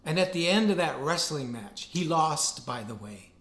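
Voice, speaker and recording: A man's voice: fairly high pitch, moderate pace. Guy preaching a sunday sermon, earnest, voice bounces around a lot, echoey room. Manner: animated, earnest preaching with rising emphasis. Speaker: pastor. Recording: roomy echo.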